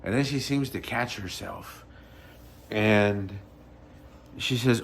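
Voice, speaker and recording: A man from Michoacán, Mexico, vlogging and telling a story in a casual, animated and conversational way, often correcting himself as he goes. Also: lowish voice, takes it slowly, vocal fry, a little hiss or hum.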